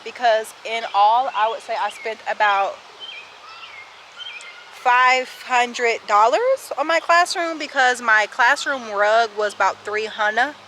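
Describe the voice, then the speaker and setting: A woman's voice: a little high, sharp tone, slight background noise. Chatty young woman, breathless on a walk. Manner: chatty, sassy, addresses viewers as sis and y'all. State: out of breath while walking. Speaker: kindergarten teacher and vlogger. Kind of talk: casual Q&A vlog. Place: outdoors, walking. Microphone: handheld camera.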